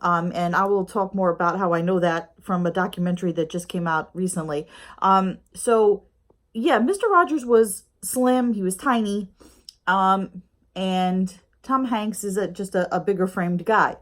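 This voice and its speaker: A woman's voice: medium pitch, unhurried. Middle-aged woman, casual home vlogger, chatty and rambling with filler words, mid-range voice. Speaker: YouTube reviewer. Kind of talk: casual review chat. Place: home with a snoring pet dog nearby.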